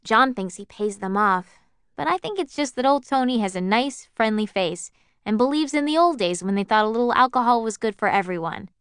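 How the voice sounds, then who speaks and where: A woman's voice: a little high, lively intonation, brisk, smooth, no room sound, clean studio sound. A woman narrating a novel in the first person, in a wry, observant tone. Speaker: audiobook narrator.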